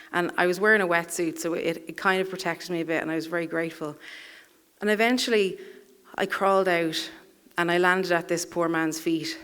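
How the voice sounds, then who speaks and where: A woman's voice: lowish voice, a bit bright, clear, resonant tone. A woman telling a personal story live on a theatre stage, in a wry, self-deprecating way, chuckling through her lines.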